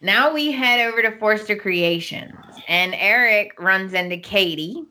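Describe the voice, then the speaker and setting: A woman hosting a podcast, talking slowly and without hurry. Her voice is bright and forward, and she recaps a soap opera in a chatty way, slipping into the characters' lines as she retells them. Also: medium pitch. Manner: animated storytelling, acting out quotes. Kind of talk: casual chat.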